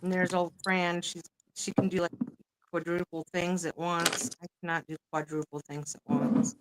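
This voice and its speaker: A woman's voice: on the low side, little pitch movement, moderate pace, background noise. A woman hosting a casual crafting livestream, chatty and swearing casually as she works. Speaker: livestream host. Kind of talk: casual chat while crafting.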